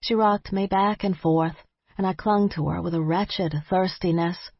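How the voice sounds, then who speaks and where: A woman reads a first-person audiobook in a measured, wry storytelling manner. Her voice is husky and a bit low. The recording is dry and slightly muffled. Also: fairly even intonation, no room sound. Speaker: audiobook narrator. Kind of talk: first-person scripted narration.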